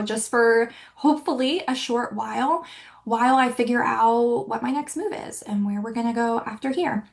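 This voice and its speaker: A woman's voice: fairly high pitch, gravelly. A woman in her early thirties hosting her own podcast, talking candidly and chattily with many fillers as she reflects on her life. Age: 30s. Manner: candid and chatty, many likes and you-knows. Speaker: podcast host. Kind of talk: personal reflective monologue.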